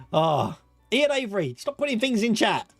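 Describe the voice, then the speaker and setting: A man from Australia with an accent mixing Australian and British, hosting a livestream quiz, playful and giggly as he reads out answer options slowly. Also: high-pitched, creaky, slightly rough, no echo. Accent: Australian mixed with British. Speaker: quiz host.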